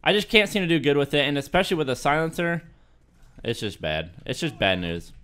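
A young man giving live gameplay commentary, excitable and self-deprecating, swinging from muttering to yelling. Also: fairly high pitch, fairly quick, a little hiss or hum. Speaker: gaming video creator.

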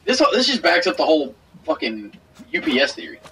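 A man's voice: a little high, wildly swooping pitch, brisk, a bit bright, breathy edge. A man giving profane, joking commentary while playing a video game with a friend. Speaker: gaming commentator. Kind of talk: let's play commentary. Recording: distant mic with faint noise.

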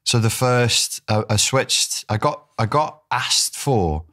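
A middle-aged man with a Wirral accent, telling animated stories as a podcast guest and swearing freely. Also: mid-range voice, slow pace. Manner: animated, swears, does voices for others. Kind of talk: casual storytelling interview.

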